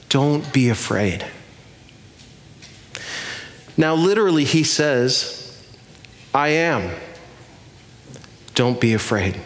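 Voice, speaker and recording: Animated male preacher, slightly high voice. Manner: animated storytelling, asks the listeners questions. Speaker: pastor. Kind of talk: sermon.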